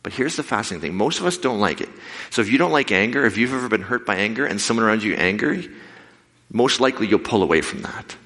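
A man preaching a sermon with lively storytelling, acting out the voices of the people in his stories. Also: fairly low pitch. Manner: animated, acts out quoted voices. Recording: long hall reverb.

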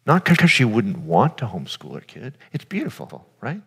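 A man's voice: mid-range voice, huge pitch swings, normal speed, gravelly, noisy background. A man giving an earnest, informal sermon, speaking directly to his audience. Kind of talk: conversational sermon. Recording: long hall reverb.

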